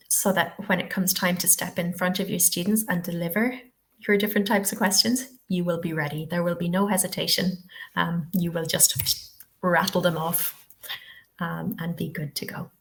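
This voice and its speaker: Woman running an online class, slightly low voice, lots of um and okay, friendly and chatty. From Ireland. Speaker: TEFL webinar presenter. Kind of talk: live online teaching webinar.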